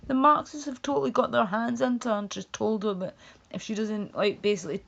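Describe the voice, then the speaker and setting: A woman's voice: mid-range voice, a little fast, vocal fry, dull audio. A woman hosting a livestream, chatting in a rambling, blunt way with swearing and frequent laughs. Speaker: livestream host. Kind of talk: casual ranting chat.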